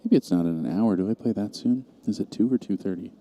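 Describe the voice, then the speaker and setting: A man's voice: fairly low pitch, quick pace, warm tone. A man calling a live pool match in an easygoing, dry play-by-play manner. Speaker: pool commentator. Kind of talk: live stream commentary.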